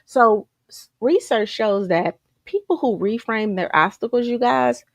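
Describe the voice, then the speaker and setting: A woman coaching a group in a lively motivational talk, full of rhetorical questions and repeated calls to "you guys.". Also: on the high side, unhurried, no echo. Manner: energetic, repetitive, rhetorical questions, keeps saying "you guys".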